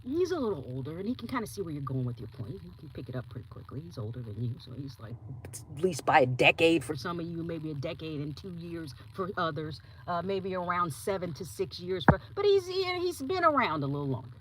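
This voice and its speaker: A young woman hosting a podcast, talking casually and giving her opinions, often acting out other people's lines in quick put-on voices. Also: deep voice, a little hiss or hum, poor audio. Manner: animated, acts out voices in quotes. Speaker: podcast host.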